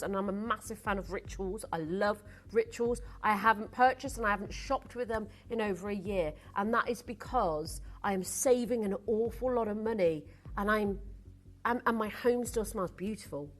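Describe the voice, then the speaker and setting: A woman presenting on a live shopping channel, gushing and excitable as she sells jewellery and home goods from a studio. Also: medium pitch. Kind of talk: live selling pitch.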